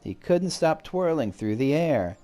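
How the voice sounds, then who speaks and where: Brief: man doing a fussy, cheerful little moogle messenger in a game, mid-pitched and plain. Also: big pitch swings, a little slow, warm tone, soft background music. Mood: chirpy. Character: fussy little moogle courier, chirpy and polite. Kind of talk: reading game dialogue aloud.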